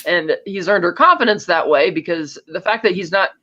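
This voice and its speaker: A podcast co-host with a mid-range, bright, forceful voice chats casually at normal speed, recapping a film's plot scene by scene and acting out the characters' lines. The audio is dull and lo-fi.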